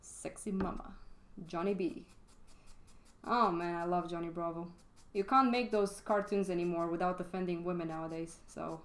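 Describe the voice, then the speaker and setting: A woman's voice: lowish voice, steady tone, a little fast, fairly bright tone, slight background noise. A woman giving a casual, chatty charcoal drawing lesson while live-streaming, frank and swearing now and then. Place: home studio, live stream.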